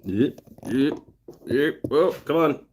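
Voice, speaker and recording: This woodturning streamer works at home in an easygoing mood, muttering as he goes, thinking aloud, and reading out viewer comments. His voice is fairly high and slow, with a little hiss or hum on the recording.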